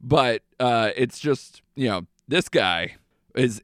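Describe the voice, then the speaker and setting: A man's voice: medium pitch, animated, takes it slowly, fairly bright tone, no echo, studio quality. A young man hosting a movie podcast, chatting casually and animatedly with lots of fillers. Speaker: podcast host.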